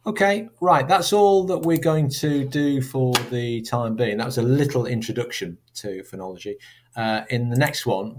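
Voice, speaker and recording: A man's voice: lowish voice, slight background noise. A man teaching a recorded lesson, chatty and asking his students rhetorical questions. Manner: chatty, asks rhetorical questions, acts out sample accents.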